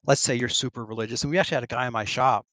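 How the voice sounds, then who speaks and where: A middle-aged man talking over an online voice call with a dry, close sound. He wanders through a long casual story, stopping for ums and small laughs. His voice sits at an ordinary pitch. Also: steady tone, racing, a bit bright, no echo. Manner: rambling, full of ums and restarts, laughs between phrases. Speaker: Navy veteran guest.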